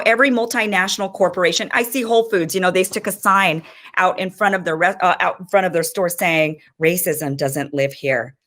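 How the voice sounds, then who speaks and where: A woman's voice: medium pitch, bright, forceful tone. A woman in her thirties giving impassioned, frustrated political commentary as host of her own show.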